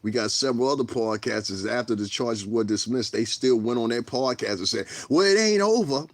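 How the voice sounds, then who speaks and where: A man's voice: on the low side, steady tone, brisk, dry recording. Heated, swearing man ranting on a livestream. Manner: blunt, heated, swearing, rambling with repeats. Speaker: livestreamer and commentator. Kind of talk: profane livestream rant.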